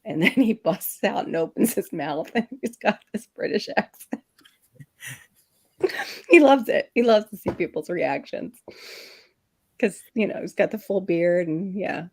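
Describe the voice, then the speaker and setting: A woman's voice: mid-range voice, measured pace, pauses often, breathy edge. A woman hosting a casual livestream chat, talking freely and laughing often between remarks. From Florida. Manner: chatty, laughs often, animated mock voices. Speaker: livestream host. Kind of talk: casual chat reading viewer comments.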